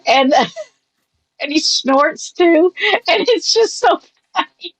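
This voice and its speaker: A woman chatting on a podcast who laughs easily. She speaks slowly with a lively, bouncing pitch. The sound is dry and close. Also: no echo, poor audio. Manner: giggly, easily amused. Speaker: podcast co-host. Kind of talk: casual podcast chat.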